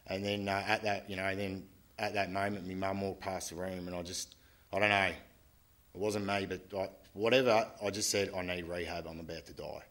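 A man giving a candid, halting personal testimony to a group at a recovery meeting, often restarting his sentences. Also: sits low, flat delivery, fairly bright tone. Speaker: speaker sharing at a recovery meeting.

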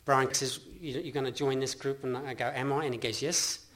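Man, Australian accent, middle-aged, earnest, rambling, personal testimony, middle pitch. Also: flat delivery, a little fast, fairly bright tone. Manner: earnest, rambling, with frequent restarts and laughs. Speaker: speaker sharing his recovery story.

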